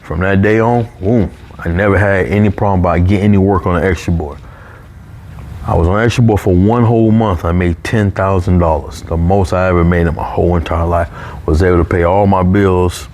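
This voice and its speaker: A man with a fairly low voice tells a personal story in a relaxed, conversational way. He gets animated and jumps up high when he quotes other people. A faint hum sits behind him. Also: brisk. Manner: animated, raises pitch when quoting coworkers. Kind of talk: casual storytelling.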